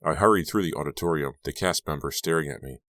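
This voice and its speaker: Male audiobook narrator, extremely deep, dry close sound, tense telling. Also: fast, fairly bright tone, no echo. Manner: tense, dramatic storytelling. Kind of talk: scripted first-person narration.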